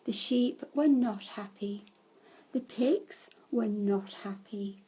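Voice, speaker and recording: A woman telling a children's story in a slow storybook manner, breaking into shouted cries for the characters. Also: mid-range voice, husky, dull audio.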